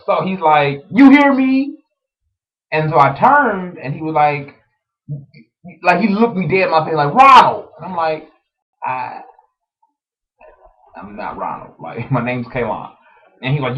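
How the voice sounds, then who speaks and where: Young man, casual webcam vlog, chatty animated storyteller, muffled lo-fi sound. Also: mid-range voice. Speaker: vlogger. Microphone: webcam microphone. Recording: dull lo-fi webcam audio.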